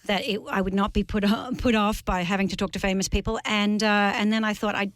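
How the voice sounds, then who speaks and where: Australian woman guest, articulate and conversational, mid-pitched, dry close studio sound. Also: steady tone, fairly quick, no echo. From Sydney, Australia. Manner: articulate and conversational, explaining ideas at length. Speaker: guest, author and journalist. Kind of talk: radio interview. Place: radio studio.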